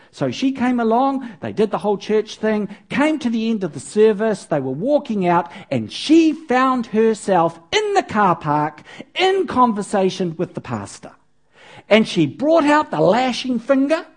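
A woman's voice: medium pitch, a little mellow. A woman preaching to a congregation, telling a story with playful asides to the audience. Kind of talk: sermon with storytelling.

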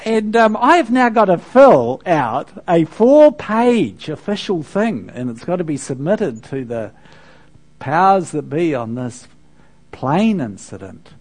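A man's voice: fairly high pitch, sing-song, slow pace, a little mellow. A man, a pastor preaching a sermon in a conversational, storytelling way with frequent asides to the congregation.

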